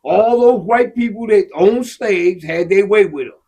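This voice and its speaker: A man's voice: high-pitched, a little slow, darkish tone. A man in casual conversation, blunt and profane, speaking in short emphatic bursts.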